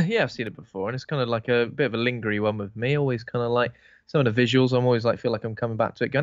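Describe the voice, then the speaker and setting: Man from Bristol, podcast co-host; rambling, informal, mid-pitched; recorded dull and dry. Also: fast, no room sound. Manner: rambling, self-interrupting, informal. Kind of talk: casual chat.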